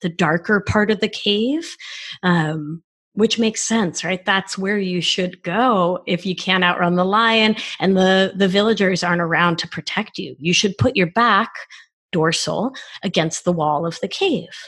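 A woman in her forties, a wellness expert talking in a casual podcast conversation, animated and expressive. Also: mid-range voice, unhurried, slightly rough. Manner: animated, acts out child voices in quotes.

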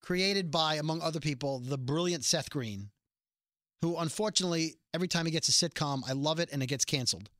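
A man's voice: fairly high pitch, a little fast, fairly bright tone, no echo, clean studio sound. A man co-hosting a podcast in casual chat, rambling with frequent restarts. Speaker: podcast co-host.

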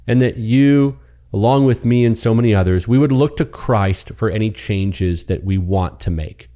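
A man's voice: fairly low pitch, warm tone. A man hosting a podcast, closing an episode in an earnest, encouraging way. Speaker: podcast host. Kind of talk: reflective outro.

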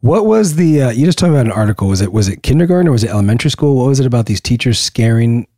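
A middle-aged man co-hosting a casual podcast, speaking in a relaxed, easygoing way. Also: medium pitch, rapid-fire, no echo, studio quality. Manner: relaxed, easygoing, a few fillers. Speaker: podcast co-host. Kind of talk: casual chat.

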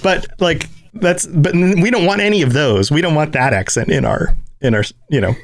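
A man's voice: on the high side, moderate pace, gravelly, a little hiss or hum. A man from the United States hosting a podcast, chatty and laughing a lot in casual interview talk. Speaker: podcast host.

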